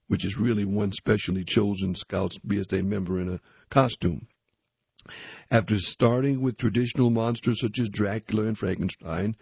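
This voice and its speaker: A man reading a youth magazine aloud, articles and a story, in a plain, steady manner. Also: lowish voice, creaky, breathy edge, no room sound. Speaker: reader. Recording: dull, dry recording.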